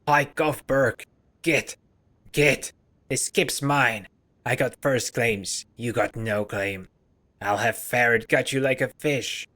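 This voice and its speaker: Man doing a gruff, blustering slum trader. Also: medium pitch, takes it slowly, fairly bright tone. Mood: angry. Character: filthy, suspicious, wheezing male trader, hot-tempered.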